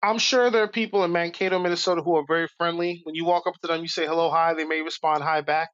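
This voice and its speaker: A man from Brooklyn, a podcast guest telling animated stories from his youth. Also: a little high, quick pace, lo-fi sound. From Brooklyn, New York. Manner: animated, acts out voices in stories. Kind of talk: casual storytelling.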